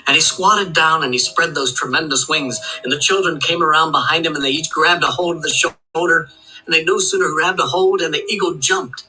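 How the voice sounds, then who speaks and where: Bright-voiced male storyteller. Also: on the high side, fairly even intonation, brisk, a little hiss or hum, poor audio. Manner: rhythmic, with long chains of "and". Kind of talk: oral folk tale telling.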